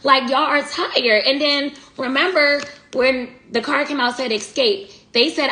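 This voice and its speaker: A woman's voice: sits high, fairly even intonation, normal speed, hardly any pauses, pushed and bright. A woman giving a casual live tarot reading, blunt and slangy, talking straight to her viewers. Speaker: tarot reader. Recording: echoey room, faint noise.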